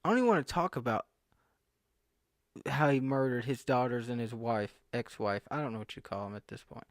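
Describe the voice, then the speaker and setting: A man's voice: medium pitch, brisk, no echo, studio quality. A young man from the southern United States vlogging casually, rambling and interrupting himself, getting incredulous. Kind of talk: casual rambling commentary to camera. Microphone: computer screen recording.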